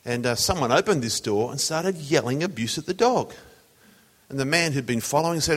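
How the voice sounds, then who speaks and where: A man's voice: mid-range voice, expressive, fairly quick, a bit bright. A man preaching a sermon in a conversational, storytelling way. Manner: conversational, tells jokes as illustrations. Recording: long hall reverb.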